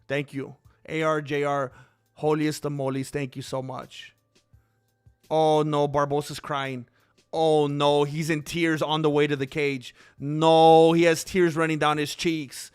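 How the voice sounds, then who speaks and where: A man's voice: a little high, level tone, a little slow, clear, resonant tone, no room sound, clean studio sound, faint music behind. A man hosting a casual live stream, joking and thanking donors as he reacts to the fights. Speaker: livestream host reacting to fights.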